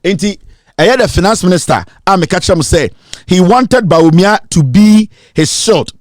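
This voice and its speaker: A man's voice: high voice, lively intonation, moderate pace, no echo, clean studio sound. A Ghanaian man delivering an emphatic, accusatory political rant, switching between English and Twi. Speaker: political commentator.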